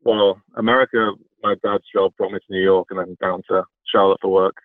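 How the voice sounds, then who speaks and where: A man from England calling into a podcast, talking in a soft-spoken, hesitant way with many pauses. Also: sits low, steady tone, dry recording. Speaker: caller. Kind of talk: phone-in conversation. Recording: tinny phone line.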